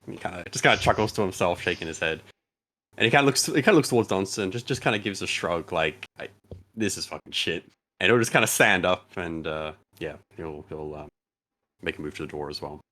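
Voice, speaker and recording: A man with a deep voice narrates what his character does at a tabletop game. He hedges and fills his sentences as he goes. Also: expressive, quick pace, a bit bright. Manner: hesitant, many hedging fillers. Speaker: player.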